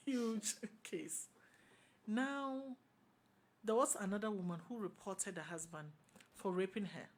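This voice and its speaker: A woman with a Ghanaian English accent, speaking as a talk show panelist in a passionate, opinionated discussion, forceful and repeating her points for emphasis. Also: fairly low pitch.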